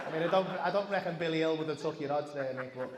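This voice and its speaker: A man's voice: fairly high pitch, racing. A man with a Liverpool accent doing sweary, cheeky crowd work as a stand-up comedian in a large theatre. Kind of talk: crowd work and backstage chat. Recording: echoey hall with background noise.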